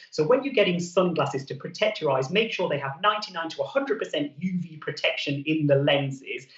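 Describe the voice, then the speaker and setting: A man, a TV doctor, giving brisk, clear health advice on a morning show. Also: on the high side, a bit bright, reverberant, far from the mic, highs cut off. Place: TV studio.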